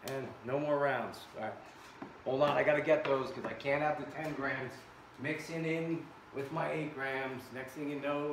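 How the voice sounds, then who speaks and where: An American man speaks at normal speed in a medium-pitched voice with fairly even intonation while testing air guns and joking with viewers. This casual vlog is set in an indoor workshop and filmed by a faraway camera. The room echoes, with background noise.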